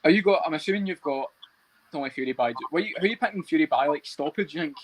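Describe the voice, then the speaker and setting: A man co-hosting a casual podcast chat about fights, talking fast, swearing and laughing a lot. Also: a little high. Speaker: podcast co-host.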